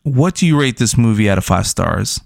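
A man's voice: lowish voice, expressive, normal speed, vocal fry, no echo, studio quality. A young man co-hosting a movie review podcast, talking loosely, joking and swearing. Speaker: podcast co-host. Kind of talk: casual movie review chat.

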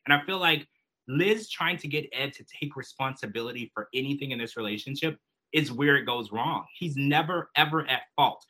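A man's voice: a little high, sharp tone, husky, low-quality recording. A man co-hosting a podcast, giving emphatic and indignant opinions in casual recap chat. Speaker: podcast co-host.

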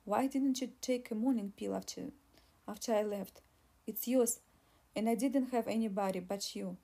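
Give me a woman reading as an insistent, tearful young pregnant woman in an audiobook, mellow and husky. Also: mid-range voice, normal speed. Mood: pleading. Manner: pleading, insistent.

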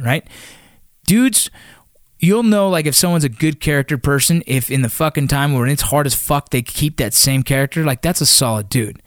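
Brief: young guy, ex-soldier, swears constantly, rambling restarts, dry close sound, mid pitch. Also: no echo. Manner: profane, rambling, frequent restarts. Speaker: former Army Ranger guest. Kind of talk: casual war storytelling.

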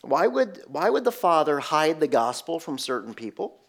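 Storytelling preacher, man with a fairly high voice. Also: very animated, moderate pace. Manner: storytelling preacher, asks rhetorical questions. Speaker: pastor. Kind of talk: sermon.

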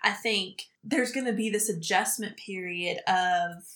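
Bright, upbeat young woman podcaster. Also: mid-range voice, unhurried. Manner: upbeat, playful, explains at length. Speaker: podcast co-host. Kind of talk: casual chat.

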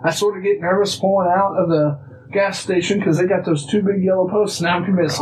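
A man from Illinois, a guest telling a personal story casually, animated and acting out bits of dialogue. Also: high-pitched, fairly quick, slight background noise, poor audio. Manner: animated, acts out dialogue, restarts phrases.

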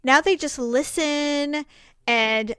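A woman chats casually, telling family stories with lively energy and slipping into the voices of relatives. Her voice sits a little high. The sound is dry and close, with no room around it. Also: slow, dry recording. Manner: animated, acts out voices of family members while telling stories. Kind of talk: casual chat, storytelling.

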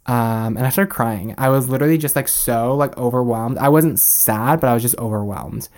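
A man's voice: mid-range voice, moderate pace, darkish tone. A young man, a podcast guest, telling a candid personal story in a chatty way with many fillers. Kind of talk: casual storytelling.

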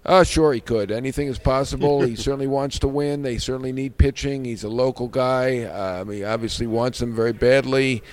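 A man working as a baseball reporter, answering questions in a steady, measured way. He sprinkles his speech with "uh", and his pitch sits in the middle of the range. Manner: measured, many filler uhs. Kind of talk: interview answers.

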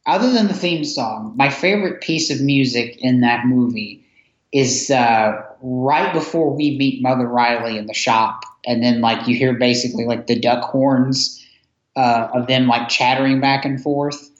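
Speaking a little slowly in a medium-pitched voice, this podcast co-host talks about a film in a casual way and laughs frequently while recounting scenes. The recording has an echoey, dull lo-fi quality.

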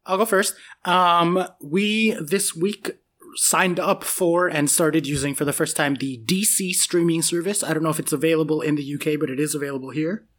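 A man's voice: a little high, steady tone, normal speed, a bit bright. A man co-hosting a casual chat podcast, playfully rambling through an imagined meal. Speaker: podcast co-host.

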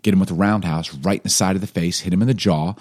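A man's voice: deep voice, fast talker, darkish tone, husky, dry recording, clean studio sound. A man playing his stern, no-nonsense middle-aged father, giving blunt, commanding advice in casual storytelling.

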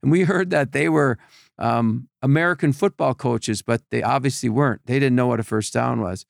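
A man telling animated stories in a casual chat, acting out other people's voices with lots of restarts. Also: mid-range voice, normal speed, vocal fry, no echo, clean studio sound. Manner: animated storyteller, acts out voices, many restarts. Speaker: podcast guest telling stories.

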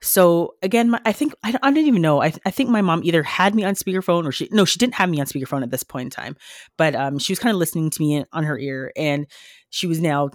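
A woman nurse on a podcast, telling a story in a lively way and acting out the lines of the people in it. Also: deep voice, quick pace, dry recording, clean studio sound. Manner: animated storytelling, acting out quoted dialogue. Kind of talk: casual podcast conversation.

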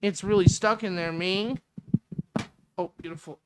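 A man's voice: high voice, moderate pace, long pauses, slight background noise. Sarcastic man ranting. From Canada. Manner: crude, sarcastic, rambling. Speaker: podcast host. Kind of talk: casual solo rant. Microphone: studio mic with windscreen.

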